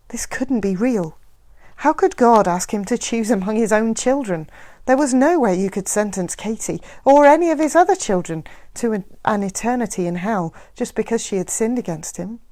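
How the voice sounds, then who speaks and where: A woman reading a novel aloud in a steady, measured narration. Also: on the high side. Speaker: reader.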